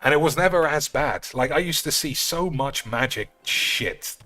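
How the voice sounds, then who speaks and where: A man's voice: fairly high pitch, expressive, normal speed, pushed and bright, soft background music. A man chatting casually and swearing freely while streaming a card game. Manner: rambling, sweary, offhand. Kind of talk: casual live-stream chat while gaming.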